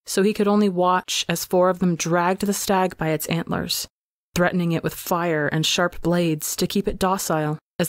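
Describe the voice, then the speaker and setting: Woman reading a story out loud for a podcast, low voice, measured and dramatic, dry close sound. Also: dry recording. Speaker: podcast reader. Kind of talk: scripted story narration.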